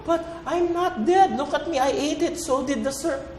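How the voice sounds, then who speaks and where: Eve, a shrill flustered woman, as a man puts her on. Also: moderate pace, darkish tone, roomy sound. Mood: panicky. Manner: high, nervous, shrill.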